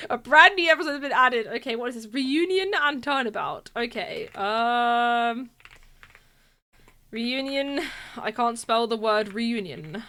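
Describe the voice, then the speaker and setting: A woman streamer chatting excitably and laughing often while playing through a video game live. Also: on the high side, takes it slowly. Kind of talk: live game playthrough commentary.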